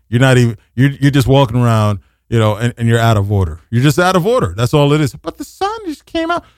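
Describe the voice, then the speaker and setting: A man hosting an internet radio show from a New studio, delivering a comic rant that swings into shouted, mocking voices. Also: mid-range voice, dry recording. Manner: exasperated ranting, shifts into shouted mocking voices.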